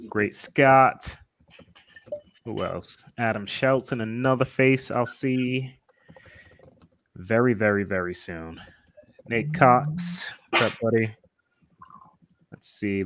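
A man co-hosting a casual livestream reads names from the chat, relaxed and laughing often. His voice is mid-range and a bit bright, with a little hiss or hum in the recording.

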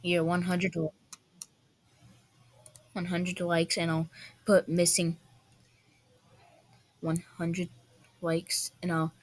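A woman doing casual reaction commentary, breaking into quick incredulous outbursts. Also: fairly low pitch, monotone, low-quality recording. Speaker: video reactor.

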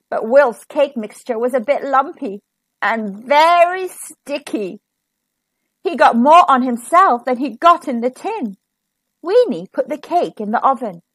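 A woman reading a children's storybook aloud in an expressive, animated way. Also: a little high, dry recording.

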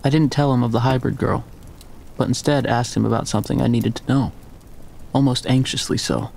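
Gravelly male audiobook narrator. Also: medium pitch, steady tone, a little fast, darkish tone, soft background music. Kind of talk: scripted first-person audiobook narration.

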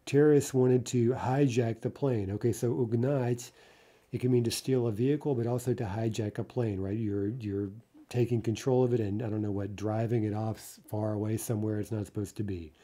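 Male language tutor, deep mellow tone, walks through examples patiently. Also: fairly even intonation, brisk. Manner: explains then translates example sentences, frequent "okay" and "right". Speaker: Russian language teacher. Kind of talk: vocabulary lesson.

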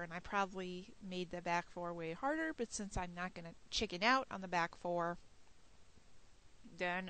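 A woman's voice: fairly low pitch, a bit bright, smooth, low-quality recording. A woman casually commentating her gameplay outdoors at night, muttering and swearing under her breath at missed shots. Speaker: let's play host.

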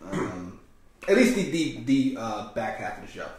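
A man's voice: mid-range voice, very animated, unhurried, faint music behind. A man hosting a reaction video, chatting casually, laughing often and swearing. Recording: very echoey room.

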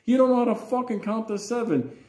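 A man voicing a blunt, short-tempered old-school father who talks loud and profane. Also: mid-range voice, wildly swooping pitch, unhurried. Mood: angry. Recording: roomy echo.

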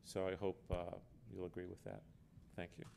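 A man with a fairly low voice gives an earnest author's talk at a book festival. He leans hard on key words and sometimes repeats himself as he builds a point. A faint hum sits under the recording. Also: completely flat delivery, moderate pace, creaky, darkish tone. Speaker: author speaking on a panel. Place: book fair event.

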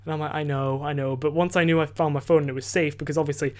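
A teenage boy hosts his podcast into a desk microphone, talking fast in a somewhat high, slightly mellow voice with fairly even intonation. He rambles casually through a story, full of fillers, restarts, and offhand swearing.

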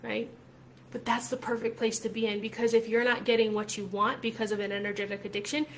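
A woman's voice: a little high, little pitch movement, fairly quick, slight background noise. Chatty, emphatic woman coach. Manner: chatty, emphatic, often asks "right?", swears freely. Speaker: spiritual coach. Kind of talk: casual talk to camera.

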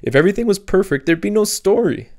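A sulky teenage girl who snaps and sneers at everyone around her, as a male narrator puts her on. Her voice sits well above his own and carries a faint gravelly edge. It sounds like an audiobook reading. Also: high-pitched, lively intonation, fast talker, darkish tone, voice pushed up. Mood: scornful. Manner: scornful, snapping.

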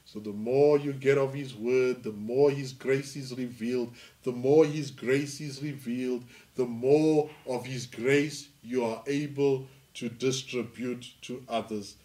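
A male pastor from South Africa preaching a sermon, reading scripture slowly and then rising to emphatic delivery. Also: mid-range voice, steady tone, warm tone.

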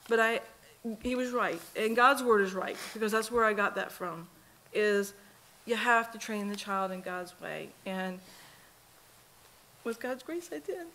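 A woman's voice: medium pitch, lively intonation, measured pace, sharp tone. A middle-aged woman, a mother speaking at a memorial service, telling earnest, folksy stories about her daughter with lots of quoted dialogue. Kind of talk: personal eulogy storytelling. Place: church sanctuary.

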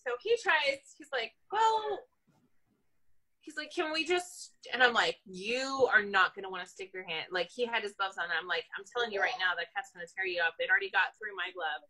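A woman, an animal control officer, telling a story from her work in an animated, casual way, laughing often. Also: mid-range voice, a little fast, few pauses, poor audio.

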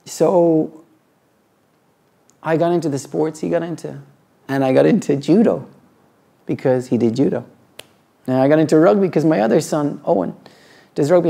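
A middle-aged man, a yoga teacher, talking reflectively and earnestly about his practice, halting often and restarting his sentences. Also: a little high, gravelly, dark tone. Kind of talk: reflective personal talk.

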